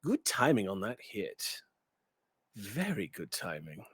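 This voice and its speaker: A man voicing a sly, menacing male fallen angel who speaks in a low, soft, wry drawl. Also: wildly swooping pitch, slow pace, husky, exaggerated voice.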